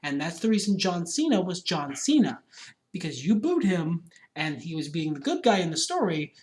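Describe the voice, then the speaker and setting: A man co-hosting a podcast in casual chat, opinionated and ranting, swearing freely. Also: high-pitched. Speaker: podcast co-host.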